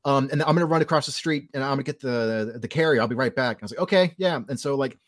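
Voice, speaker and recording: A man's voice: rapid-fire, dry recording, studio quality. A man from California co-hosting a podcast, telling a long story in casual chat with many restarts and fillers. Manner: acts out quoted voices in a higher pitch. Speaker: podcast co-host.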